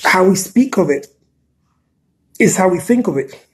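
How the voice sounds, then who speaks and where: A man's voice: high voice, lively intonation, unhurried. Man, live-stream host, chatty and earnest, encouraging tone, repeats himself while reading viewer comments. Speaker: artist hosting a live stream. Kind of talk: casual live-stream talk.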